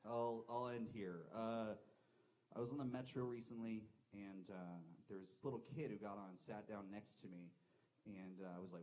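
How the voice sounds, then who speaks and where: A man's voice: fairly low pitch, normal speed, a little mellow, low-quality recording. A man doing a live stand-up set at a comedy club, rambling and self-deprecating, swearing a lot. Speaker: stand-up comic.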